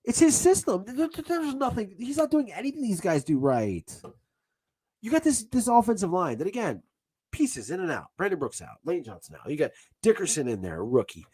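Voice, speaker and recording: A man ranting angrily as a football fan, swearing and bursting into shouts between sarcastic retellings. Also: high voice, sing-song, normal speed, breathy edge. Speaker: sports vlogger. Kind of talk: angry fan rant.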